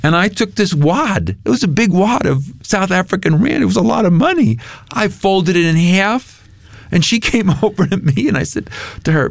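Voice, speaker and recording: A man being interviewed as a guest author, telling a story with lively, acted-out dialogue. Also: sits high, normal speed, gravelly, dry recording. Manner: lively storyteller who acts out quoted dialogue.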